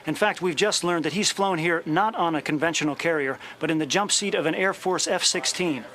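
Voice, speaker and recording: An actor playing a male TV correspondent giving a brisk, informative report. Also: a little high, sharp tone, slight background noise. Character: male TV reporter at space center. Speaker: field correspondent. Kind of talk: scripted TV news report.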